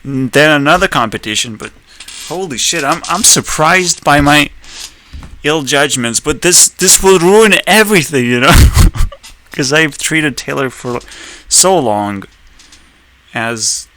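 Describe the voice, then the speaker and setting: A man's voice: fairly high pitch, lively intonation, a little slow, sharp tone. A man giving casual reaction commentary, rambling and profane, and laughing often. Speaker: video commentator.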